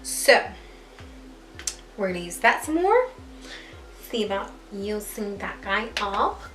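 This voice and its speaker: A young woman talks casually to her camera, chatty and quick to poke fun at herself as she rambles. Her voice sits at an ordinary middle pitch. The room is echoey, with faint music underneath. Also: very animated, a bit bright. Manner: chatty, self-deprecating, laughs at herself. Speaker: beauty vlogger.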